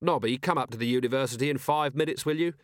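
A man's voice: medium pitch, fast, dry recording, pitched above the performer's own voice, close to an everyday voice. A man voicing a tired, sarcastic middle-aged police commander in an audiobook. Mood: dry sardonic. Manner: dry, sarcastic.

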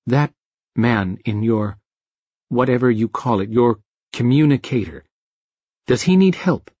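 A man voicing a strange, soft-spoken man who talks slowly and stiffly, like a robot. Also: mid-range voice, animated, no echo, lo-fi sound. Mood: puzzled. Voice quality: soft-voiced. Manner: slow, stilted, robotic delivery.

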